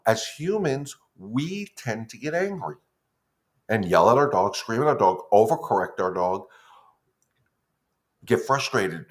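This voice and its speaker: Chatty low-voiced man on a live stream. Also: sing-song, a little slow, pauses often. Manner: chatty, loose, greets viewers by name mid-thought. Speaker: dog trainer hosting a live Q&A stream. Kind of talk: casual live-stream talk to viewers.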